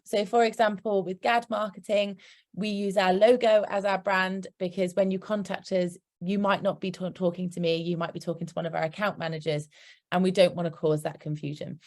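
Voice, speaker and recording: This woman's voice sits on the low side with a darkish tone. With a British accent, she presents a marketing workshop in a practical, upbeat manner full of chatty asides, hiccuping throughout.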